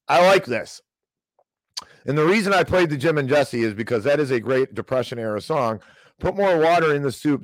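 A man's voice: mid-range voice, no echo. A man hosting a live podcast in a casual, heated and rambling way, often restarting his sentences in a folksy style. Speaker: podcast host. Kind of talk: casual ranting live stream commentary.

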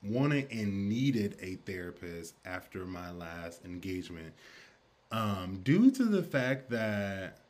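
A man with a somewhat low voice hosts a conversational podcast. He talks in a candid, chatty, affirming way, opening up about himself as he interviews his guest. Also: very animated, slow pace, a little mellow. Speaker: podcast host.

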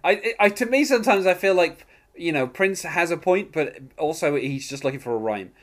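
A man's voice: a little high, expressive, moderate pace. A man hosting a casual podcast chat, talking with many fillers and restarts. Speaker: podcast host.

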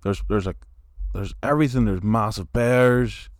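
A man's voice: on the low side, moderate pace, no room sound, clean studio sound. A man co-hosting a podcast, telling rambling stories and laughing easily. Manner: rambling storyteller, laughs easily, repeats himself. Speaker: podcast co-host. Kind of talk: casual podcast banter.

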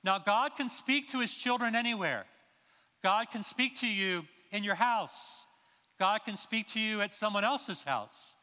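Man, pastor, sermon, high voice, emphatic rhetorical questions, long hall reverb. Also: unhurried, bright, forceful tone. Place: church sanctuary.

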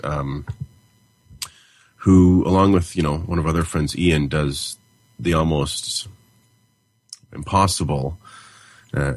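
A man hosting a casual podcast, reading listener emails in a relaxed, drawn-out way with fillers and chuckles. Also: extremely low pitch, breathy edge, dry recording. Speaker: podcast host.

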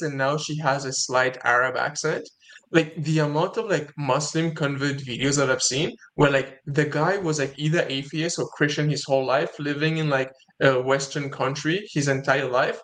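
A man's voice: on the high side, moderate pace, a bit bright, low-quality recording. A man co-hosting a casual discussion, chatty and laughing, peppering his talk with "like".

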